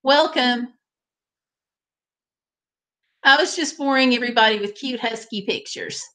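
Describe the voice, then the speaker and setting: Woman live streaming, bit high voice, just chatting away to the chat, computer mic. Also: brisk, bright, forceful tone. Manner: chatty, talks to viewers directly.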